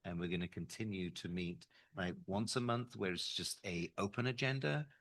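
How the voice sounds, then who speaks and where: A man giving a superintendent's report at a board meeting, measured and full of small fillers. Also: low voice, fairly bright tone, dry recording. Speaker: school superintendent.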